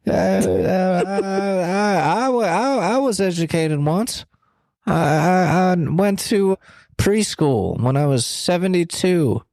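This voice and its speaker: A man putting on the voice of a stammering, rambling elderly male politician, full of halting repeats and folksy asides. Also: sits high, animated, gravelly, a little mellow, no echo, studio quality, full character voice.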